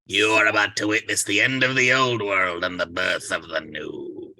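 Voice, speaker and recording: A man's voice: fairly low pitch, normal speed, no echo. A man reading the part of a possessed man who is turning into an alien being, speaking in a strained, eerie way. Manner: strained, eerie, flat mechanical delivery. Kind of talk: amateur script reading.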